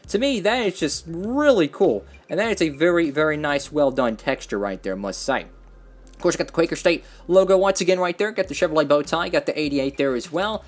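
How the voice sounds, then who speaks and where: Lively, excitable male toy-car reviewer. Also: mid-range voice. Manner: enthusiastic, rambling with fillers and repeats. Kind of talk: casual product review.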